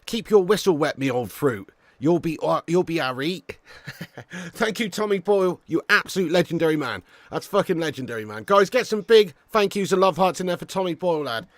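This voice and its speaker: Male streamer, slightly high-pitched, dry close sound, easygoing banter with chat. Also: lively intonation, fairly quick, dry recording. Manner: laid-back banter, swears freely, chuckles often. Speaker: watch-along streamer. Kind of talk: casual live-stream chat reading viewer comments.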